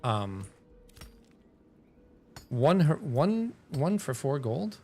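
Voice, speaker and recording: A male game streamer at a medium pitch talks in a loose, rambling way, half to himself and half to his viewers. Faint music plays behind him. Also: very animated, very slow, a little mellow. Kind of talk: casual thinking aloud while gaming.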